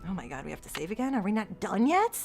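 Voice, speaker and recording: A woman streaming a mystery game live, reacting excitedly, gasping and swearing as she talks to her chat. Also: mid-range voice, fast, vocal fry, soft background music. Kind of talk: live gameplay commentary.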